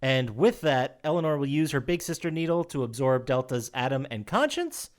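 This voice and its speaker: A man co-hosting a podcast, retelling a video game story in casual chat, animated and quick to laugh, with restarts. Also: medium pitch. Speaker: podcast co-host.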